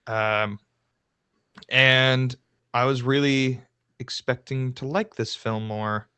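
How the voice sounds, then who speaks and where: A man co-hosts a casual movie podcast with a bright, sharp-edged voice. He gets worked up fast, cursing and ranting in playful outrage. The sound is dry and close, with no room around it. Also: mid-range voice, clean tone, no echo. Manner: animated, swearing, rants with mock outrage. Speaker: podcast co-host. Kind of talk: casual film discussion.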